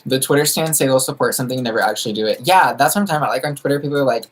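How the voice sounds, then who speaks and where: A campy, sassy man talks casually on a livestream, firing back answers to his viewers in drag slang. He is from the United States and keeps chatting while he does his makeup. His voice sits at a middling pitch for a man. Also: quick pace. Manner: doing makeup while talking. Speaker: drag queen streamer answering viewer questions.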